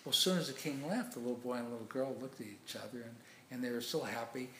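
A man's voice: medium pitch, quick pace, fairly bright tone, slight background noise. A man preaching, telling a story as a sermon illustration in a rambling way with many restarts. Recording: echoey room.

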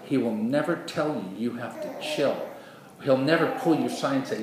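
A man preaching a sermon in an earnest, animated way, acting out quoted voices, with a dry throat after surgery. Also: mid-range voice, normal speed. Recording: echoey room, far from the mic, noisy.

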